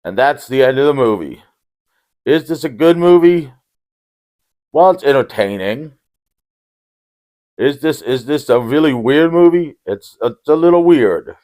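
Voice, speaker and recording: A man giving a casual, rambling movie recap with deadpan jokes and frequent restarts. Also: medium pitch, unhurried, long pauses. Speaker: movie reviewer.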